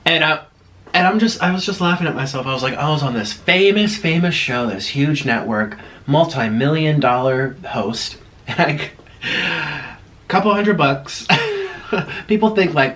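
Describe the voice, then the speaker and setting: A man's voice: on the high side, very animated, measured pace, a bit bright, slight background noise. A man chatting casually while eating on camera, rambling and laughing at himself. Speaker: mukbang vlogger.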